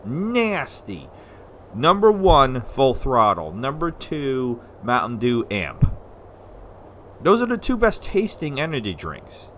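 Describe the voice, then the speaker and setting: A man from the United States giving casual, rambling let's-play commentary as a gaming video host, sometimes slurring syllables when excited. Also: mid-range voice, slow, a little hiss or hum. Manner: rambling, chatty, self-deprecating.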